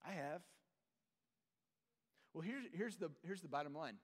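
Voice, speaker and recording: A man preaching a sermon as pastor, earnest, repeating phrases and dropping to soft, low tones for emphasis. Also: moderate pace, pauses often. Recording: long reverb of a large hall.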